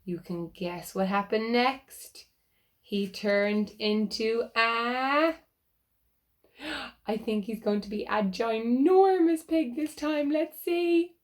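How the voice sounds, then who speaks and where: A woman reading a picture book aloud to children, animated and asking them questions. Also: on the high side, slow pace. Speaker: children's storyteller.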